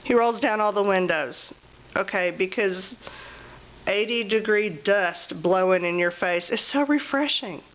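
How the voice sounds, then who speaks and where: A woman's voice: medium pitch, a little slow, dull audio, a little hiss or hum. A woman with a cough, chatting casually with lots of ums as she flips through her travel journal. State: has a cough, clears her throat. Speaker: vlogger.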